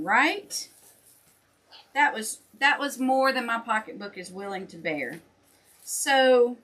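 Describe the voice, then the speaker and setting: A woman's voice: mid-range voice, pushed and bright. An older woman chatting folksily with viewers while making wreaths on a livestream. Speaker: wreath maker and shop host. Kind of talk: casual livestream chat while crafting.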